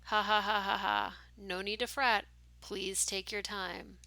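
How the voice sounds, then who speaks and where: A woman's voice: medium pitch, fairly even intonation, slow pace, pushed and bright, no echo. Woman doing a giggling creepy masked nurse. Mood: mocking. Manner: mocking, laughing while claiming sorrow. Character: cheerfully sinister masked female nurse, laughs constantly.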